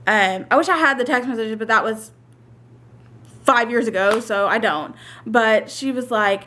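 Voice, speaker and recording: A woman's voice: fairly high pitch, normal speed, a bit bright. A young woman casually telling a personal story on her vlog, chatty and full of "like" asides as she retells what people said. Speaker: storyteller vlogger.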